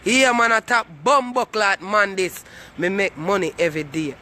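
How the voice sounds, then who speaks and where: Brief: Jamaican man, very high bright voice, swaggering, crude, taunting his online critics. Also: animated, moderate pace. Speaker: comic vlogger. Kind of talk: boastful comic rant to camera.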